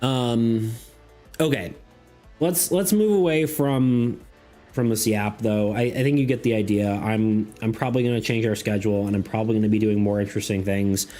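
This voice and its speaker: A man's voice: lowish voice, normal speed, dark tone, soft background music. A man streaming, chatting casually and reading chat messages aloud, full of fillers and restarts.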